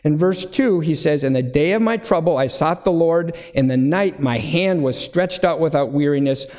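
Man, middle-aged, pastor preaching, earnest, deliberate emphasis, fairly high voice, echoing church hall. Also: a little mellow. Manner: earnest preaching, slows to stress key words. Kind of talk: sermon.

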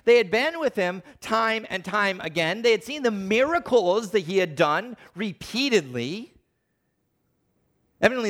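Animated preacher man, slightly high voice. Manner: animated, acts out quoted voices. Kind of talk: sermon.

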